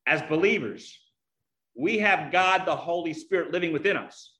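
A man's voice: a little high, lively intonation, moderate pace, sharp tone. A man preaching a sermon earnestly, teaching with illustrations.

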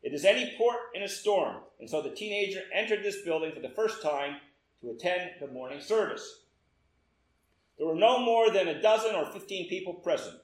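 High-voiced man preaching in an echoey room. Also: moderate pace. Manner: lively, quoting with emphatic repetition. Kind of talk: sermon storytelling.

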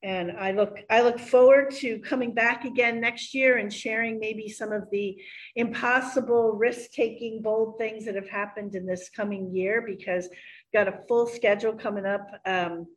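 A woman's voice: medium pitch, fairly even intonation, moderate pace, low-quality recording. A middle-aged woman giving a church talk, telling a personal story in an earnest, storytelling way with fillers. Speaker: guest speaker.

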